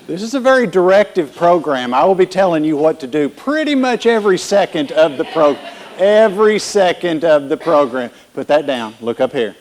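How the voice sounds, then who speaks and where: A man with a drawl delivers a keynote to a conference crowd, his voice pitched a bit high for a man. He cracks jokes at his own expense and gives the room blunt orders. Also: very animated, moderate pace, a little mellow. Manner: joking, bossy with the audience. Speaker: keynote speaker.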